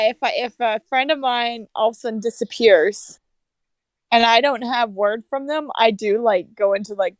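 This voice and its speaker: Woman, casual stream chat, giggly, stumbling restarts, fairly high voice. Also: no room sound. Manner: warm, giggly, repeats and restarts words.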